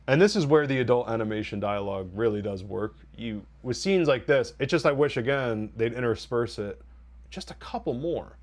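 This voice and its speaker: A man's voice: medium pitch, moderate pace. A man hosting a TV review podcast, recapping an episode in a rambling, wry way and quoting scenes in mock voices. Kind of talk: casual spoiler recap and review.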